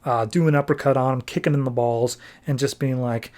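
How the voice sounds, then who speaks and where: A man's voice: mid-range voice, fairly even intonation, brisk, darkish tone. A male podcast host recapping a comic in a wry, chatty way.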